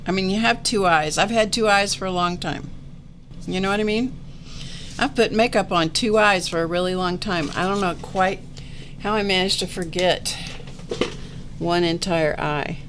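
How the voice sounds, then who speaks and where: A woman's voice: fairly low pitch, normal speed, fairly bright tone, a little hiss or hum. A woman hosting a live art session, chatting casually and rambling in a self-deprecating way while she crafts. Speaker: host of an art livestream.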